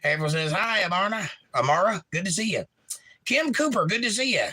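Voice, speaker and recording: A man's voice: high voice, very animated, brisk, bright, forceful tone, husky. A man hosting a livestream in a casual way, reading viewers' chat messages aloud and adding wry asides. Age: young adult.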